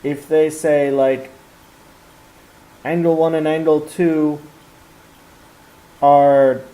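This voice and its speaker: A man's voice: on the high side, level tone, slow, dark tone, low-quality recording. A man explaining a geometry lesson step by step, with fillers and restarts. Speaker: math teacher.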